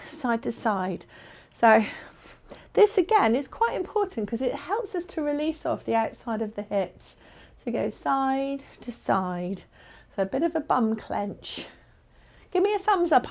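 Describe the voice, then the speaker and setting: Slow-paced upbeat woman coaching exercise. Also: a little high, gravelly, a little mellow. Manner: upbeat, encouraging, playful coaching. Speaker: exercise instructor. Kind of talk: guided fitness class instruction.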